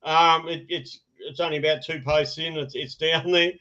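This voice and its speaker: A man hosting a podcast, talking in a fairly high voice and rambling with lots of laughs and restarts. The audio is dull and lo-fi. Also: fairly even intonation, moderate pace, bright, forceful tone. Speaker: podcast host. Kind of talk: casual podcast chat.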